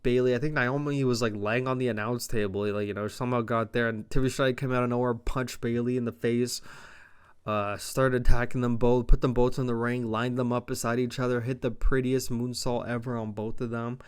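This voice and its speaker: A man's voice: mid-range voice, little pitch movement, brisk, clean tone. A man hosting a podcast, recapping a wrestling show in a rambling, offhand way with a lot of swearing. His mouth is dry. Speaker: podcast host.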